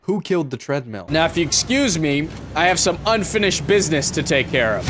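A man recording gameplay commentary, excitable, yelling and ranting at objects in the game, with sarcastic self-talk. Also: on the high side, a little fast, loud music behind the voice. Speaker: gaming video host. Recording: loud game sounds and mouse clicks behind.

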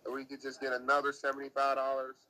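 A man's voice: mid-range voice, monotone, fast, pushed and bright, rough recording. A man from the United States on a casual phone livestream, near an airport. He rambles, swears and sounds exasperated.

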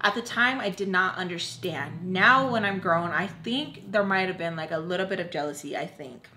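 A woman's voice: on the low side, lively intonation, normal speed, sharp tone, a little hiss or hum. Young adult woman, vlogger; casual storytime delivery, rambling and emphatic, heavy "like" filler. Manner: rambling, fills with "like" constantly; candid, emphatic, cuts off swears. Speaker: YouTube storyteller.

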